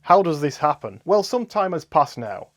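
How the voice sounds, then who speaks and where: A man delivering scripted comedic commentary with dry, deadpan sarcasm. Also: fairly high pitch, normal speed.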